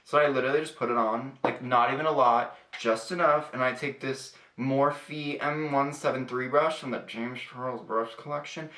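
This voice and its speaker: A young man talks through his makeup routine with a sassy, profane, chatty edge. His voice is bright and forceful, and the room around him sounds echoey. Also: medium pitch, steady tone, moderate pace, few pauses. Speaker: beauty vlogger. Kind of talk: casual makeup tutorial chat.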